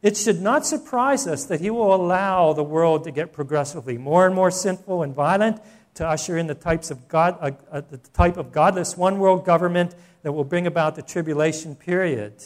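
A man's voice: on the high side, a little fast. A man preaching a sermon in a conversational way, often asking the congregation questions. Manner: conversational preaching with rhetorical questions and soft laughs. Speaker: pastor.

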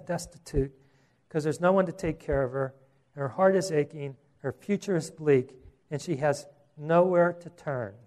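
A man's voice: fairly high pitch, dark tone. A man preaching a sermon, earnest, with repeated words and rhetorical questions.

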